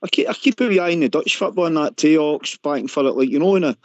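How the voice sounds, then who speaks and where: A man's voice: fairly high pitch, quick pace, no echo. A man with a Scottish accent calling a radio phone-in, chatting casually and calling everyone mate. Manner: chatty, keeps saying mate. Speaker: caller. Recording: muffled phone-in audio.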